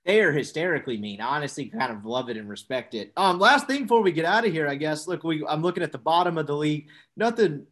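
A man with a somewhat high voice hosts a casual sports chat. He jokes freely and moves the conversation along with questions. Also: sing-song, fast, few pauses, fairly bright tone. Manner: joking, leads the questions. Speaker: podcast co-host.

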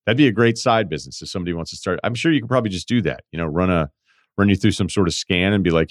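A man hosting a podcast, chatting casually and telling stories in an animated, conversational way. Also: low voice, racing, no echo, clean studio sound. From Vermont. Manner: conversational storytelling, animated quoting. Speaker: podcast host. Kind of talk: casual chat, reading listener emails.

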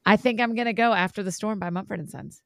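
A woman's voice: medium pitch, quick pace, gravelly, dry recording, clean studio sound. A woman co-hosting a podcast in casual, enthusiastic chat. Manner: enthusiastic, laughs easily. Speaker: podcast co-host.

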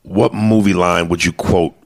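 Male comedian podcast host, very low gravelly voice, rambling and profane, dry sound. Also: steady tone, measured pace, dry recording. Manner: rambling, profane, lots of restarts. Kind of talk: casual podcast chat.

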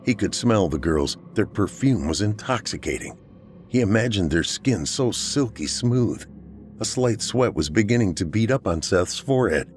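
A man narrating a horror story for a podcast in a steady storytelling manner. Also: fairly low pitch, moderate pace, soft background music.

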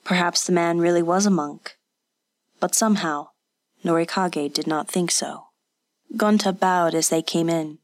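A woman narrating a story in an even, unhurried audiobook reading. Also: fairly low pitch, dry recording. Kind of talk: scripted narration.

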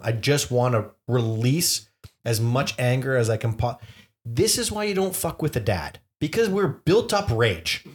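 A man in his forties co-hosting a podcast in casual chat. He tells stories at an easy pace and swears freely. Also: mid-range voice. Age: 40s. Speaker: podcast co-host.

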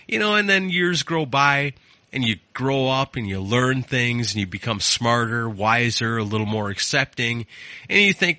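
A man chatting casually who tells stories with animated delivery and acts out the quotes. His voice is bright and forward, and his pitch swings widely. The sound is dry, with no room echo. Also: normal speed. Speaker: podcast co-host. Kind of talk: casual chat.

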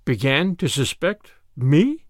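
A man's voice: sits high, very animated, moderate pace, no room sound, clean studio sound. A man voicing a bold male master thief in an audiobook of a classic story, who poses as a priest, then mocks and gloats. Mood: mocking. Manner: mocking and triumphant.

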